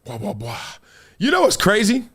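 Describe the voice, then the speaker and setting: A middle-aged man hosts a live commentary stream in a high, lively voice that jumps all over the place. He reads items aloud, then breaks off into loose, slangy riffs full of laughter. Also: normal speed, husky. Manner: animated, laughing, slangy asides. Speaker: host.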